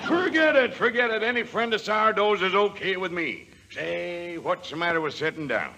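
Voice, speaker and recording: Bright high-voiced rancher, jokey and boastful, old radio show. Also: male voice, lively intonation, normal speed, highs cut off, some chatter behind, exaggerated voice. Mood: jovial. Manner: folksy slang and loud chuckles. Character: jovial, boastful middle-aged male Western rancher. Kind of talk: 1940s radio acting.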